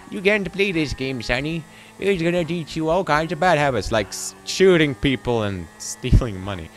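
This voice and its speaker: A fussy old granny scolds her grandson in a pinched, higher voice, as a young man puts her on. She wags her finger with every warning and keeps at it. It is a quick, rough impression thrown into a gaming video. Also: lively intonation, slight background noise. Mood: scolding. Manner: nagging, wagging-finger warnings.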